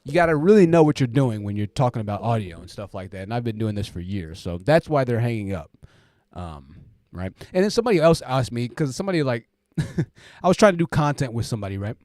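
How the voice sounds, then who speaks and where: A man's voice: medium pitch, quick pace, no room sound. Laid-back male streamer, dry close sound. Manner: relaxed, rambling explainer with frequent fillers. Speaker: live stream host. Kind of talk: casual live chat, reading viewer comments. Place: home room with hoodies hung up to absorb sound. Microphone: dynamic podcast mic through a preamp.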